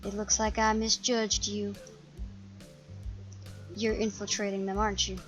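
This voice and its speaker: A woman's voice: mid-range voice, flat delivery, unhurried, faint music behind, lightly acted. A woman doing a blunt, paranoid teenage boy. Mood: conspiratorial. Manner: blunt, dismissive, conspiratorial. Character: paranoid, brusque teenage boy, suspicious loner.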